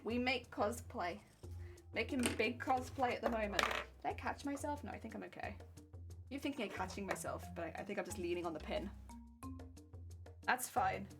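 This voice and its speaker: An English woman chats casually on a live stream while sewing a costume, speaking at medium pitch and a moderate pace with frequent pauses over music. She's chatty and rambling, using fillers like "like" and "heck yeah."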